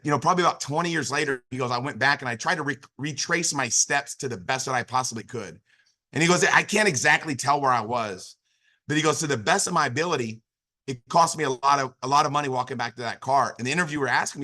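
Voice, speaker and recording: Fast, bright-voiced motivational man. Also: medium pitch. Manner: animated, with frequent restarts and filler phrases. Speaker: business opportunity speaker. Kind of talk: motivational storytelling talk.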